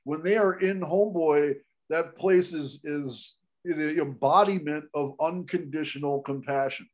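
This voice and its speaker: Animated man telling a story, pitched a bit high. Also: a little slow. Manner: animated, with frequent restarts and laughs. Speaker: guest storyteller. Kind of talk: conversational podcast storytelling.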